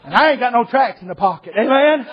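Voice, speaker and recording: A man preaching a sermon testimony, telling a lively story and acting out the voices of the people in it. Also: very high-pitched, lo-fi sound.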